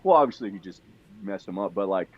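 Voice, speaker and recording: A man's voice: on the low side, expressive, fast talker, slightly rough. A man telling a long story on a podcast in a casual, rambling way, swearing freely and full of fillers and restarts. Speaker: podcast guest. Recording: dull lo-fi sound.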